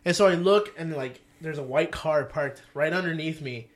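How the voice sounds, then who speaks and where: A man's voice: on the high side, moderate pace. A young man co-hosting a casual comedy podcast, telling a story with lots of swearing and laughter. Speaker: podcast co-host.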